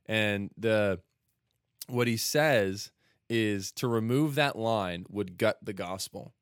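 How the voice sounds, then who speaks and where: Man, American, low voice, enthusiastic, explaining theology, dry close mic. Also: slow, clean tone, no echo. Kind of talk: casual chat about hymns.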